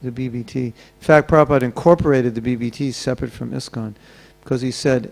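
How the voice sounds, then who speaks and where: A man's voice: mid-range voice, fairly even intonation, fast talker, gravelly, few pauses, darkish tone. A man giving a sermon at a temple gathering, telling stories and acting out the voices of the people in them. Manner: storytelling, acting out quoted voices. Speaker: temple speaker.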